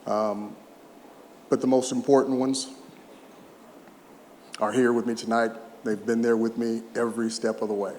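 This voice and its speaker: A man's voice: mid-range voice, level tone, normal speed, long pauses, darkish tone, slight background noise. Man around 60 giving a heartfelt speech in an echoey hall. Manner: emotional, humorous storyteller who chokes up at times. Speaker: retired baseball player giving an awards speech. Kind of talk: heartfelt public speech with anecdotes. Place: large event hall. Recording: echoey hall, faint ambience.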